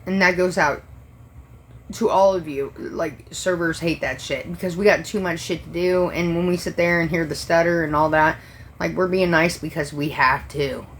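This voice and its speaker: A woman's voice: fairly low pitch, fairly even intonation, moderate pace. A woman who works as a restaurant server, ranting casually on a livestream and swearing freely in an exasperated way.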